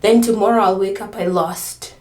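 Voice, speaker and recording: A woman's voice: mid-range voice, fairly even intonation, moderate pace, a little mellow, echoey room, recorded from a distance. A pregnant woman vlogger chatting casually, rambling with lots of fillers and often short of breath. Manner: rambling, filler-heavy storytelling. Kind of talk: casual chat.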